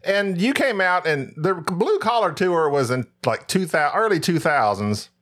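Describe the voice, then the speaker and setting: A man's voice: on the high side, expressive, normal speed, fairly bright tone. A man from Northeast Texas with a regional accent, hosting a podcast in rambling, self-mocking casual chat. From Paris, Texas. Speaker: podcast host.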